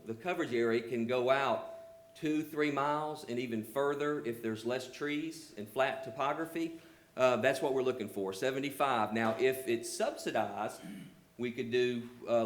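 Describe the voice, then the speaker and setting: Older Southern man with many fillers. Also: medium pitch. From Georgia, US. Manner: earnest, many "you know" fillers. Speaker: telecom company representative presenting. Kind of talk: public hearing presentation and Q&A.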